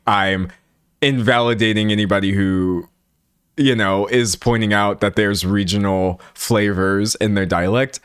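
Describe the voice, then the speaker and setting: Chatty young American man, lowish voice. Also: fairly bright tone, smooth, no room sound, clean studio sound. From United States. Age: 20s. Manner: chatty and rambling, laughs often. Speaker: livestream host. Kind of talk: casual livestream chat with viewers.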